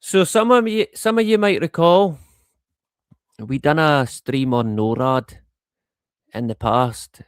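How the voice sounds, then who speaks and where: A man's voice: a little high, slow, long pauses, clear, resonant tone, no echo, studio quality. A man hosting a livestream in a casual, rambling monologue, laughing often and swearing freely. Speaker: livestream host.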